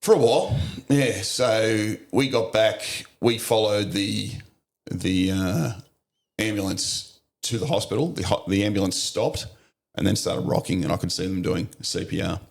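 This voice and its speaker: A man's voice: on the low side, fairly even intonation, measured pace, creaky. A middle-aged Australian man telling a story as a podcast guest, blunt and vivid, with some swearing. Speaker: podcast guest, former police officer. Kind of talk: storytelling in an interview.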